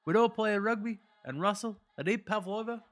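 A man pushes his voice up high and bright, talking fairly quickly as he plays a laid-back young New Zealand sportsman reading his diary aloud. He puts on a New Zealand accent and an easygoing drawl, tacking "eh" and "bro" onto his lines.

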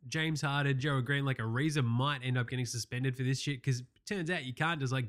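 A man, recapping basketball games in a loose, profane, excitable way, often putting on mocking voices. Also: fairly high pitch. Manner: excitable, swears constantly, does mocking voices. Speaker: sports podcast host.

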